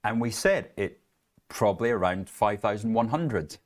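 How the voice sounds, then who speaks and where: A man's voice: fairly low pitch, lively intonation, normal speed. A middle-aged man co-hosting a live trading show, conversational with jokey asides. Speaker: co-host. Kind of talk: live market commentary.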